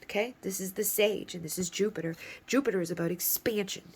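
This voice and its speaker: A woman's voice: medium pitch, fast talker, darkish tone, slightly rough. A woman giving a casual tarot reading in a rambling, playful way, swearing freely. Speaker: tarot reader.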